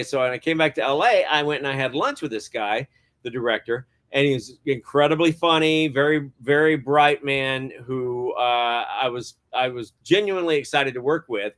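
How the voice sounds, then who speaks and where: A man's voice: medium pitch, normal speed, fairly bright tone. A middle-aged man, a guest cinematographer, telling stories in a casual interview, rambling with many hesitant fillers and frequent chuckles.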